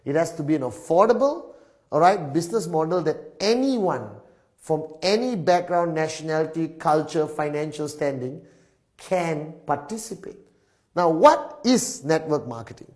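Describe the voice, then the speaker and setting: Male presenter, somewhat high voice, upbeat whiteboard-lesson delivery, punchy lists, constant "all right?" check-ins. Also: moderate pace. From Malaysia. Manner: punctuates phrases with a repeated "all right?"; animated, emphatic lister. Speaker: network marketing presenter.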